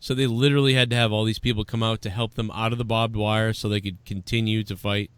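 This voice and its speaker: A man from the Boston area with a softened Boston accent, hosting a live show in loose, profane, rambling chat. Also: on the low side, little pitch movement, fast, smooth, dry recording. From Boston area, USA. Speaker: podcast host.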